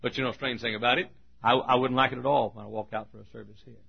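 A man's voice: mid-range voice, steady tone, fast talker, creaky, slightly rough, dull audio. A man preaching a sermon, telling folksy stories with humor and poking fun at himself. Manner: folksy, humorous, self-mocking storytelling.

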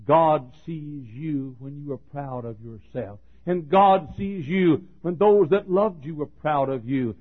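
A man's voice: fairly high pitch, slow, few pauses. Preacher man on a tinny old recording. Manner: builds to ringing shouts, then drops to a hush. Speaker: pastor. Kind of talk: sermon. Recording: phone-like narrow band.

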